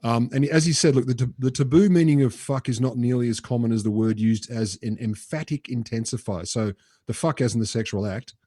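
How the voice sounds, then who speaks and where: A man's voice: mid-range voice, a little fast, mellow, slightly rough, no echo. An Australian man co-hosting a casual science podcast, talking with a dry, wry manner and dropping in laughs. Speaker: podcast co-host.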